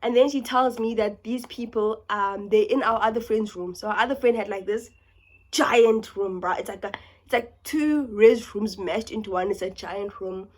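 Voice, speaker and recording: A young woman from South Africa with a South African accent, telling a story in a casual vlog, talking fast and animated and dropping into whispers. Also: medium pitch. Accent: South African English. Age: young adult. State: sick. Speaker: YouTuber.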